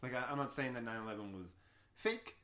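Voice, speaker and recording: A man's voice: medium pitch, expressive, a little fast, bright, forceful tone. A man cohosting a podcast, swearing and laughing while he rambles through jokes. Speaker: podcast co-host. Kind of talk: casual joking chat. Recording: echoey room.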